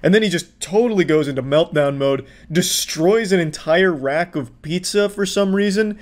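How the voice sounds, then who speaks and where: A man with a somewhat high voice narrates over clips in a flat, mocking deadpan. He throws in curses and sarcastic asides as he tears into the people on screen. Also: moderate pace. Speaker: commentary host. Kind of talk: sarcastic video commentary.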